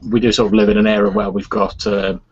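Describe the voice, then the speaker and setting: A man's voice: lowish voice, little pitch movement, fast, slight background noise. A man talking in a rambling, casual way on a podcast, full of "sort of" and fillers. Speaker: podcast host. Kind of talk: casual chat. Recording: dull lo-fi podcast audio.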